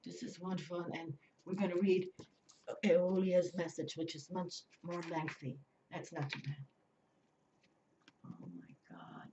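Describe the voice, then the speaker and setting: A woman's voice: fairly low pitch, steady tone, normal speed, noisy background. A woman doing a tarot reading on video, talking casually and often adding "you know" and "okay?". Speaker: tarot reader. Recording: slightly distant, dull lo-fi sound.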